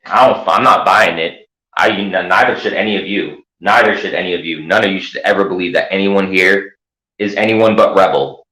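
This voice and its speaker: A man's voice: low-pitched, moderate pace, pushed and bright, roomy sound, poor audio. A man hosting his own channel, ranting in sarcastic, profane commentary. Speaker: channel host.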